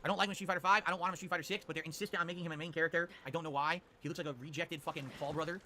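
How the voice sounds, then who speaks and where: A man streaming live, answering chat questions with quick, opinionated rants. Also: a little high, fairly even intonation, sharp tone, a little hiss or hum. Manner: rapid, opinionated ranting. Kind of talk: livestream chat reply.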